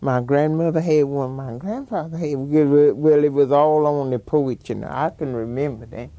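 A woman's voice: low-pitched, moderate pace, warm tone, no room sound. An older woman, reminiscing in an oral history interview, rambling and chuckling as she tells stories. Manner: rambling storytelling, frequent chuckles.

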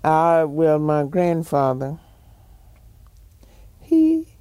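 A woman's voice: sits low, big pitch swings, drawn-out words, warm tone, clear, resonant tone, dry recording. An older woman, reminiscing in an oral history interview, rambling and chuckling as she tells stories. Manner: rambling storytelling, frequent chuckles.

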